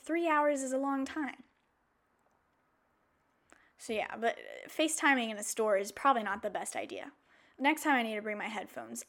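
A woman hosting a podcast, telling personal stories in a casual, animated way, with playful asides and mock outrage. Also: fairly high pitch. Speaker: podcast host. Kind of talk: casual chatty monologue.

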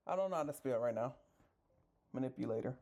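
A woman's voice: a bass voice, expressive, racing, a little mellow. Exasperated woman podcast host ranting. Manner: exasperated, swears freely, talks straight to listeners. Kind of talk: casual storytelling rant.

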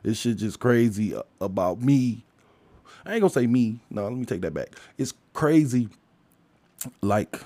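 In a lowish, slightly mellow voice with no room sound, a man delivers a casual, profane rant. His monologue is blunt and emphatic, packed with heavy swearing and rhetorical questions aimed at listeners.

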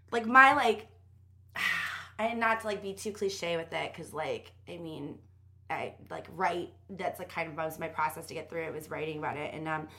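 A young woman appears as a guest on a podcast, candidly telling a personal story in casual conversation. She uses lots of fillers and curses often. Her voice is fairly low in pitch, with a sharp tone.

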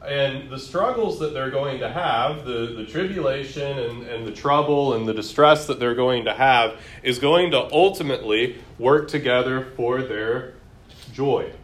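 A man's voice: mid-range voice, unhurried, a bit bright. A man leading a Bible class in a room, putting questions to the group and reading scripture aloud. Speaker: Bible study teacher. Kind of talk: interactive Bible class teaching.

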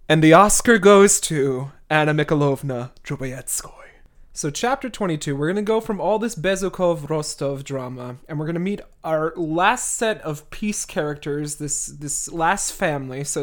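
A podcast host recaps a novel in a loose, chatty manner, throwing in jokes and the odd swear word. The voice sits at a middling pitch and keeps an unscripted, conversational flow. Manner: chatty, irreverent, occasional swearing. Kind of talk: casual book recap.

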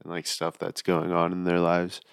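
A man's voice: sits low, completely flat delivery, normal speed, vocal fry, clear, resonant tone, no room sound. A young man co-hosting a casual podcast, laid-back and dry in his remarks. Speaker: podcast co-host. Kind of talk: casual chat.

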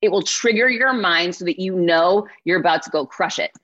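Energetic woman giving a motivational talk. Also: lowish voice, moderate pace. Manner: energetic, often checks in with "right?". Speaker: keynote speaker. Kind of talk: motivational speech. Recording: slightly muffled lo-fi sound.

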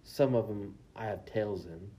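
A man's voice: on the low side, a little slow, dark tone, lo-fi sound. A young man co-hosting a casual podcast, telling a story with lots of swearing and acted-out quotes. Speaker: podcast co-host.

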